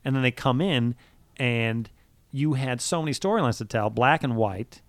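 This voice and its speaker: A man's voice: mid-range voice, no echo. Wry man from Boston, dry close mic. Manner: quick, wry, knowledgeable sports talk. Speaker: podcast co-host. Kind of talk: casual chat.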